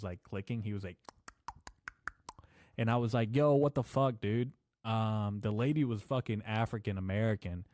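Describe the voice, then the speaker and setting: A man hosting a solo podcast, rambling through profane stories and deadpan jokes. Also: lowish voice, dry recording, studio quality. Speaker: podcast host. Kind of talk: casual solo podcast rant.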